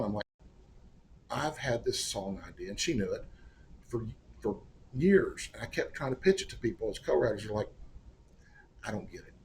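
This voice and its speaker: A man's voice: fairly low pitch, darkish tone, slight background noise. A middle-aged man, a singer-songwriter guest, telling a long anecdote in a casual, wry, self-deprecating way and acting out the people he quotes. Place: studio or room in Oklahoma.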